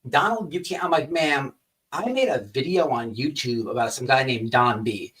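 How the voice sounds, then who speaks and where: Animated, profane man hosting a livestream. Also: mid-range voice, normal speed, far from the mic. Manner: animated, profane, rambling storyteller. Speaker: livestream host. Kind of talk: casual livestream chat.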